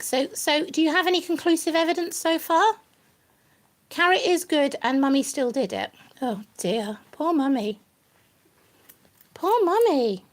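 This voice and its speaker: Very high, lively woman cooing. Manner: playful, sing-song, coaxing. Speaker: pet rabbit owner hosting a live stream. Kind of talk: doting talk to a pet rabbit.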